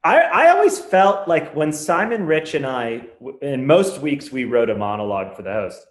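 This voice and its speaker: A man's voice: a little high, sing-song, reverberant. A man telling comedy-writing stories in casual chat, rambling and correcting himself often. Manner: rambling anecdotes with quick self-corrections. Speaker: podcast guest, comedy writer.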